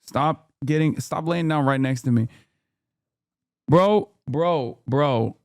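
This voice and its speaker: Guy streamer reacting live, kinda high smooth voice, swearing a lot, super sarcastic and fed up. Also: slow pace, dry recording, studio quality. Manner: profane, incredulous ranting with sarcastic asides. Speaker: streamer reacting to clips and chat.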